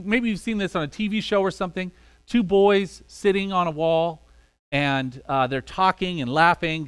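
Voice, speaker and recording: A man's voice: fairly high pitch, fairly bright tone, smooth, no echo. A man preaching a sermon in a conversational way, acting out small quoted exchanges as he goes. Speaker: pastor.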